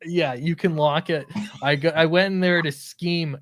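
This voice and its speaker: A man's voice: a little high, steady tone, measured pace, a bit bright, dry recording. A man co-hosting a podcast who tells an embarrassing story in a casual, self-mocking way, often breaking into laughter and restarting his sentences. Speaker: podcast co-host.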